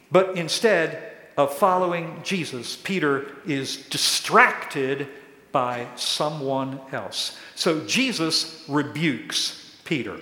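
A pastor preaching a sermon, who acts out quoted questions in a raised voice. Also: male voice, a little high, expressive, slow pace, bright, forceful tone. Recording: echoey hall with long reverb.

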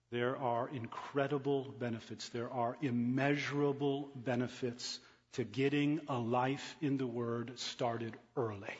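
A man's voice: medium pitch, breathy edge. A man preaching a sermon to young people, earnest and building emphasis through repeated phrases. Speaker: guest preacher. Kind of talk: sermon to a youth gathering. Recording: reverberant hall, dull lo-fi sound.

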